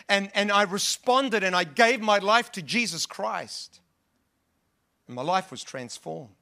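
Bright-voiced male pastor preaching. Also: sits high. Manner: earnest, conversational preaching with frequent restarts. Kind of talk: sermon. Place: church.

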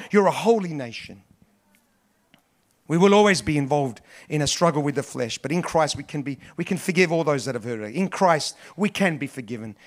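A man preaches a sermon in a voice that sits a little high for a man. He is emphatic and repetitive, rising loud on key words and then falling quiet. He sounds like a middle-aged pastor working through his points. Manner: emphatic, repetitive preaching with big swings in pitch and loudness.

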